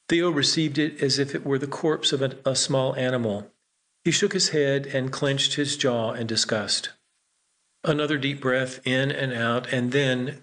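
Male audiobook narrator, steady even read, mid pitch. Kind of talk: scripted narration.

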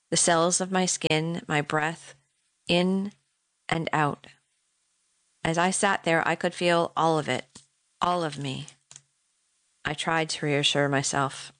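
A middle-aged woman narrating a memoir audiobook in a measured, reflective way, close to the mic. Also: low voice, fairly even intonation, fairly bright tone, no echo.

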